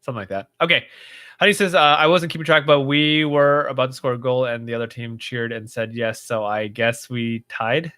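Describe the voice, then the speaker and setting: A man's voice: medium pitch, steady tone, brisk, pushed and bright. A man hosting a casual livestream, reading viewer comments aloud and chatting in a rambling way with lots of fillers. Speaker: livestream host.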